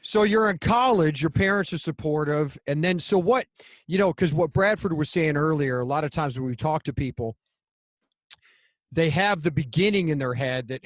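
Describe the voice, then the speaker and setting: A man's voice: on the high side, animated, moderate pace. A man co-hosting a podcast, chatting casually and asking long, encouraging questions. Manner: encouraging, asks rambling questions. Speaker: podcast co-host. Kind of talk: casual interview chat.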